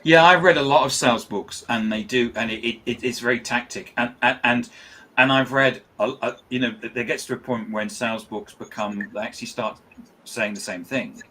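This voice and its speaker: A man hosting an interview podcast, talking casually with a lot of halting restarts and fillers. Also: medium pitch, steady tone, pushed and bright. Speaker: podcast host.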